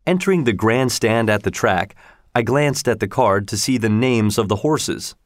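A man's voice: lowish voice, expressive, normal speed, no room sound, clean studio sound. Man narrating a storybook. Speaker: audiobook narrator.

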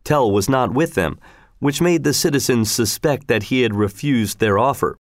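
A man's voice: medium pitch, normal speed, no echo. A man reading a storybook aloud in a dry, wry narrating manner.

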